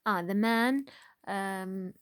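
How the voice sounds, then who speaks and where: A woman teaching a grade one phonics lesson in English, talking slowly and patiently with many fillers and questions to the children. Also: mid-range voice, fairly bright tone, smooth, no room sound, clean studio sound. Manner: slow, patient, with frequent fillers and rhetorical questions.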